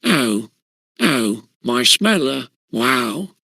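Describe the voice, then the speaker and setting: A man voicing a burly male ruffian who moans and yells in rough slang. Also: medium pitch, sing-song, extremely slow, no room sound, clean studio sound, exaggerated voice. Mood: moaning. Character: burly male ruffian, whining when hurt.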